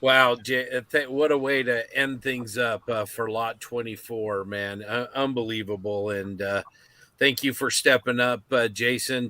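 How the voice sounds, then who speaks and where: Guy with a bright forceful voice cheering on the auction, dry mic. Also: medium pitch, no room sound. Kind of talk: casual live-stream chat.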